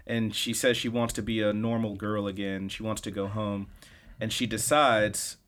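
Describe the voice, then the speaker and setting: A man's voice: on the low side, flat delivery, moderate pace, fairly bright tone. A man hosting a podcast, recapping episodes in a loose, chatty way and swearing casually. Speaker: podcast host.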